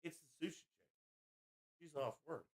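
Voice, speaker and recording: A man's voice: on the high side, moderate pace. A man hosting a podcast, telling a rowdy story in a crude, boastful, casual way. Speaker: podcast host.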